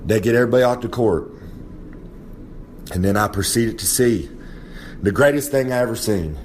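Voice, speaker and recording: A man's voice: fairly low pitch, normal speed, a little hiss or hum. A man giving a boastful, rambling wrestling monologue. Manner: swaggering, rambling, drawling brag. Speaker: wrestler giving a comic segment.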